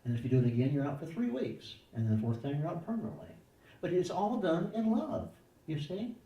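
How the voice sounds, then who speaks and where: A man's voice: on the high side, expressive, fairly quick, reverberant, distant mic, highs cut off. A man answering parenting questions in a conversational way, acting out little dialogues in changing voices. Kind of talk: conversational advice talk.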